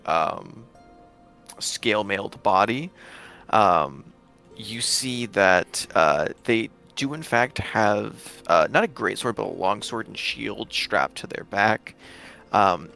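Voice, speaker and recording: A man narrating as game master of a tabletop game, halting with many fillers and self-corrections. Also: fairly low pitch, creaky, bright, forceful tone.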